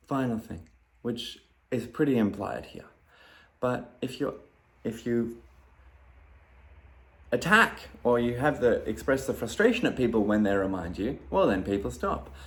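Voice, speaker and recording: A man in a casual talk to camera, calmly explaining, with his voice jumping loud and high when he acts out his own replies. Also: slow, long pauses. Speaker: video creator talking about ADHD.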